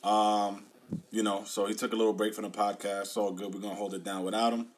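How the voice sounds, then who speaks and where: A man co-hosting a podcast in easygoing casual chat, his voice slightly hoarse, laughing along. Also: fairly low pitch, level tone, quick pace. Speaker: podcast co-host.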